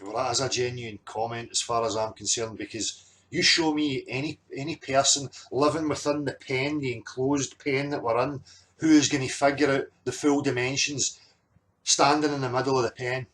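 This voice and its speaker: Man, channel host, emphatic argumentative monologue, mid-pitched, lots of "you know" fillers. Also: steady tone, normal speed, a bit bright. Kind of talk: monologue reacting to clips.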